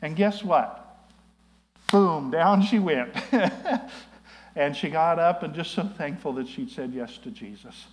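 Storytelling male pastor, slightly high voice. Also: animated, takes it slowly, low-quality recording. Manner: storytelling, conversational with frequent "you know". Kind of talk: sermon.

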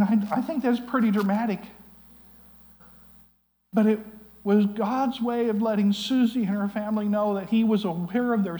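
A male pastor delivers a sermon in a relaxed, conversational storytelling manner. His voice sits a little higher than most men's. He often breaks off and restarts his thoughts with asides. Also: low-quality recording. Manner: storytelling, conversational with frequent "you know".

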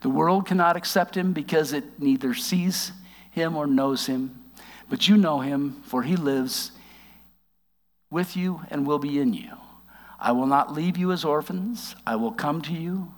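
A man giving a conversational sermon, reading scripture aloud and explaining it with wry asides, slowing down for emphasis. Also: fairly high pitch, big-room sound. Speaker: preacher.

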